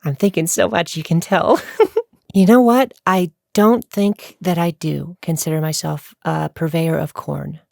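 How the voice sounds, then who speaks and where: A woman vlogger chatting through viewer questions with a low, gravelly voice. She rambles and laughs easily, recorded close and dry. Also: fairly even intonation, measured pace, a little mellow, no room sound. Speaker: YouTuber answering viewer questions. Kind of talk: casual Q&A vlog.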